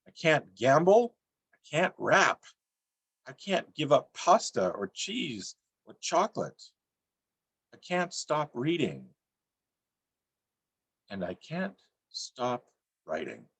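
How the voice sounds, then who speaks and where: A middle-aged man reading his own poems on a video call, with a dry, deadpan delivery and self-mocking jokes. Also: on the high side, slow pace, long pauses, husky, dry recording. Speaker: featured poet. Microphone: computer mic on a video call.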